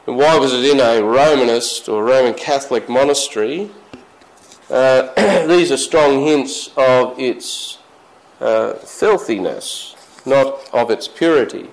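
A man preaching a sermon, reading scripture slowly and lifting his voice to stress key words. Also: rough recording. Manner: reads scripture slowly, raising pitch for emphasis.

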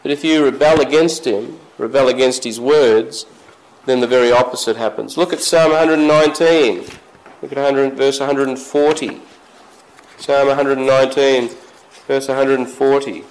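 A man preaching a sermon, reading scripture slowly and lifting his voice to stress key words. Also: fairly even intonation, low-quality recording. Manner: reads scripture slowly, raising pitch for emphasis.

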